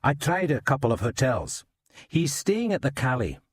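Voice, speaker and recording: A man voicing a knowing, laconic detective explaining his case in a measured way. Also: medium pitch, big pitch swings, breathy edge, voice pushed up.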